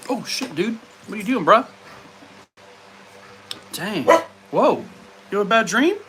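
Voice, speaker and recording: A man's voice: high-pitched, lively intonation, measured pace, background noise. A man on a casual live stream, rambling with lots of fillers and breaking off to talk to his dogs at home. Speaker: live streamer chatting with viewers.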